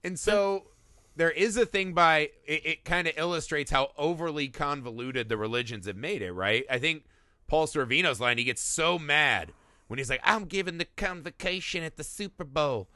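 A man in his thirties co-hosting a casual movie discussion, animated and profane, often acting out quotes. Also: on the high side, normal speed, no room sound, clean studio sound. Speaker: podcast co-host.

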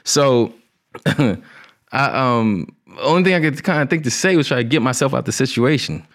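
A man casually telling a funny personal story, profane and animated with laughing asides. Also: medium pitch, moderate pace.

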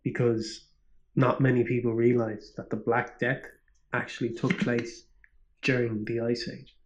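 A man talks in a flat, low-key deadpan, delivering an absurd analysis as if it were serious. He drops swear words in an offhand way. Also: unhurried, rough recording.

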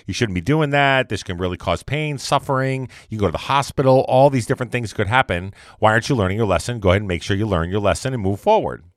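A man voicing an exasperated parent who lectures a child, in a plain, lower voice. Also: lively intonation, quick pace, hardly any pauses, dry recording, studio quality, close to an everyday voice. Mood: lecturing. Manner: lecturing, scolding.

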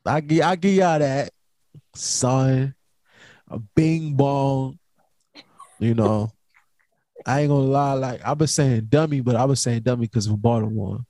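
A man's voice: mid-range voice, moderate pace, mellow, dry recording. A young man hosting a casual late-night podcast, talking in a laid-back, rambling way full of slang. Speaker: podcast host.

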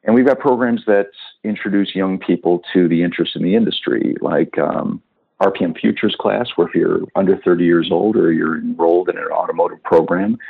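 A man being interviewed as a guest, explaining his organization's work in a measured way. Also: deep voice, creaky, husky. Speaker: foundation representative, guest. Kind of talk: interview answers. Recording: tinny phone-line sound.

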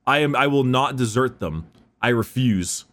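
A man's voice: medium pitch, expressive, moderate pace, fairly bright tone, close to an everyday voice. A man voicing an earnest, loyal male gladiator warlord who speaks in a pleading way. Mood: defiant.

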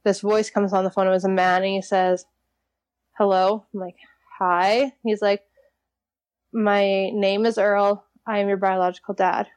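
A woman in her twenties tells a personal story as an interview guest. She talks in a chatty, easygoing way, laughs often and says "like" a lot. Her voice sits at a middling pitch. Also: little pitch movement, a little slow, a little mellow.

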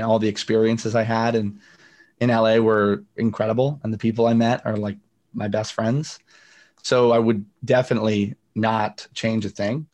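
Chatting casually over a video call interview, a young male singer-songwriter guest tells stories, using many fillers and acting out quotes. His voice is lowish and a little mellow.

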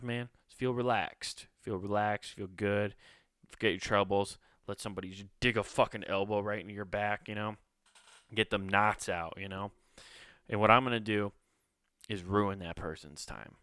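A man's voice: lowish voice, a bit bright, smooth, no room sound, studio quality. A man hosting a casual podcast, rambling through a profane, sarcastic comedic rant.

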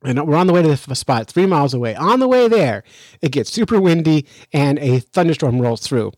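A man hosting a podcast, telling a story in a lively, chatty way with frequent restarts, then commenting on the news. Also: a little high, a little fast, dry recording. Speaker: fishing podcast host.

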